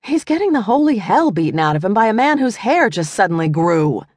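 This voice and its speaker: A sharp-tongued female jackal shifter, put on by a woman reading an audiobook. Her sardonic, snappy lines swing widely in pitch, and the recording is close and dry. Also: very animated, fairly quick, dry recording. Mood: exasperated.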